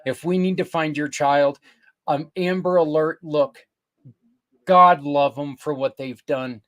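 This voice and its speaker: Earnest older man rambling through a pitch. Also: fairly even intonation, a little slow, a bit bright. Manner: rambling, earnest, with fillers and restarts. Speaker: podcast host. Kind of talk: casual promotional talk.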